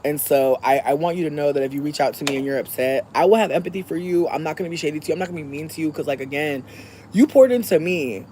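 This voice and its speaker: A young adult podcast host telling a story in a casual, profane way, moving from soft-spoken to shouting. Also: medium pitch, quick pace, a little hiss or hum.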